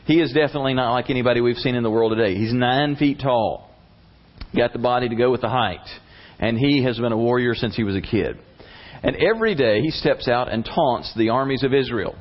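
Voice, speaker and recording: A man's voice: medium pitch, brisk. A man preaching a sermon, retelling a Bible story in a casual, conversational way with slang. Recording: slightly muffled lo-fi recording.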